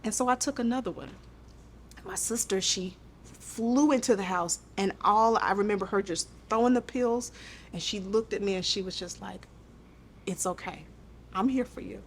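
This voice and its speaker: A woman's voice: mid-range voice, normal speed, a little hiss or hum. A woman guest on a podcast, telling a hard personal story in an earnest, intimate way, often repeating her phrases.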